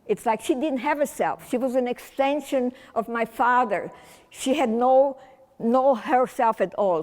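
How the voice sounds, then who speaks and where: A woman's voice: mid-range voice, a little mellow, in a large hall. An older woman from Transylvania giving a chatty, whimsical public talk to a community audience, rambling with restarts. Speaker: guest speaker. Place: large community hall.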